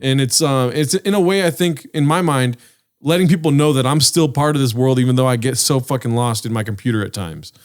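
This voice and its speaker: A man's voice: mid-range voice, brisk. Podcast co-host, male, mid-range voice, loose reflective ramble. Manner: rambling, reflective, lots of fillers. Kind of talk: casual chat.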